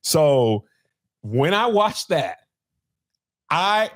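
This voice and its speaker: Man, podcast host, lively storyteller, slightly high voice. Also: drawn-out words. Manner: animated storytelling, acting out quotes. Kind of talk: casual chat.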